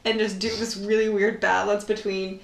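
A woman's voice: mid-range voice, level tone, vocal fry. A woman co-hosting a podcast, recapping a movie in casual chat, sarcastic and swearing freely. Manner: swearing, sarcastic, quick asides. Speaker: podcast co-host. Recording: roomy echo.

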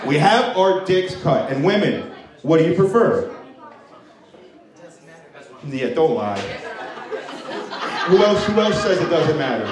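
Crude stand-up comic, echoey club. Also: male voice, fairly high pitch, very animated, takes it slowly, long pauses, a crowd in the background. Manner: crude, laughing at own jokes. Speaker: stand-up comedian. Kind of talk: stand-up set with crowd work. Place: comedy club stage. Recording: echoey room, mic from distance.

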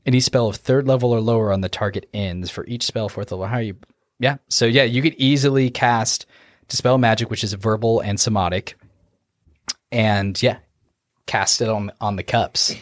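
A man in the role of game master, narrating a tabletop game in a relaxed, rambling way. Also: lowish voice, moderate pace, no echo, clean studio sound.

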